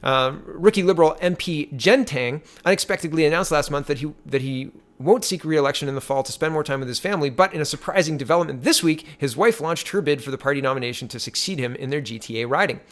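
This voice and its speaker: A man runs his own political commentary show and reads posts and articles aloud. He sounds animated and indignant. His voice sits a little high for a man. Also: fast, hardly any pauses.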